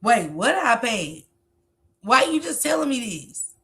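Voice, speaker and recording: Give me a blunt, profane woman in her forties hosting a commentary stream with a bright, sharp voice. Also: a little high, big pitch swings, a little slow. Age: 40s. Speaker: commentary livestream host. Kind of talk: reaction commentary.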